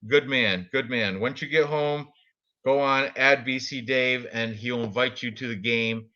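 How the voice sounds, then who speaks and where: A man co-hosting a casual betting stream, chatting excitably, his voice shooting up high when something shocks him. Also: a little slow. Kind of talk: casual chat. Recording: dull lo-fi stream audio.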